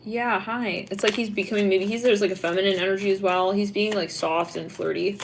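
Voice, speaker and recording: A woman's voice: medium pitch, steady tone, a little fast, slight background noise. Young woman, tarot reader, giggly, rambling, filler-heavy, faint background ambience. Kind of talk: casual tarot reading.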